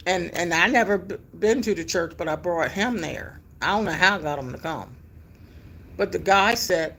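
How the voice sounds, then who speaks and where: A middle-aged woman, telling a personal story in a casual, animated way with emphatic exclamations. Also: mid-range voice, moderate pace, a little hiss or hum. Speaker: vlogger telling her life story.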